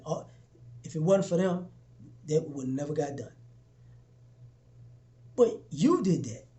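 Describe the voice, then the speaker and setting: Young man, motivational vlog talk, preachy, repetitive, high-pitched. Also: expressive, slow, long pauses, mellow. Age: young adult. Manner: preachy, repeats himself, acts out quoted exchanges in a lower voice. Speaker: motivational vlogger. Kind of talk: casual motivational talk to camera.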